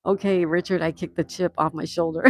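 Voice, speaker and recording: An American man with a slightly high voice hosts a casual livestream, reading viewer comments aloud and reacting with easy laughs. The recording is dry.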